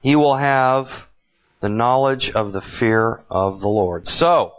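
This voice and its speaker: Slow, deliberate male Bible preacher. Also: medium pitch. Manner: slow and deliberate, with frequent uh pauses. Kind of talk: Bible teaching sermon. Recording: dull lo-fi recording.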